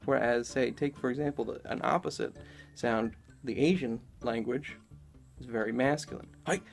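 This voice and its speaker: A man's voice: mid-range voice, fairly even intonation, moderate pace, vocal fry, faint music behind. A man giving a casual, rambling spoken lecture, talking loosely with lots of fillers. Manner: rambling, conversational, many fillers. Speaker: esoteric lecturer.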